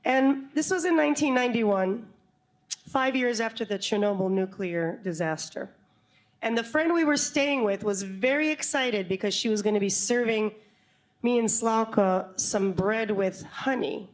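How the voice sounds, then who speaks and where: Woman storyteller, live on stage, slightly high pitch, lively and comic. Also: moderate pace. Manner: animated, laughing, comic asides. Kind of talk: live storytelling before an audience. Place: stage before a live audience.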